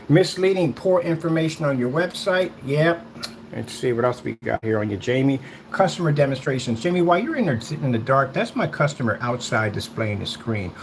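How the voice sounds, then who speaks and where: A man's voice: medium pitch, lively intonation, fairly quick, slight background noise. A man who makes screen paint, delivering a sarcastic, rambling online rant that taunts a rival.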